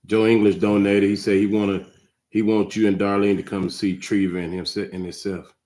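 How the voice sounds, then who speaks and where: Low-voiced man hosting a stream. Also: level tone, fairly quick, mellow. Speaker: host reading donations. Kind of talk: casual livestream hosting.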